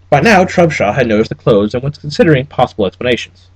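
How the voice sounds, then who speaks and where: Man, audiobook narrator, wry, expressive, lively pitch, husky, dry recording. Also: fast, no echo, poor audio. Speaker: audiobook reader.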